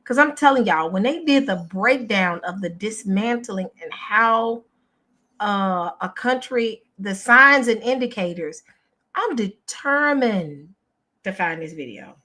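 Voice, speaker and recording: Woman, casual host chat, unhurried pace, mid pitch, frustrated tone. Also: animated, pushed and bright. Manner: exasperated, chatty, addresses viewers as y'all. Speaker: channel host.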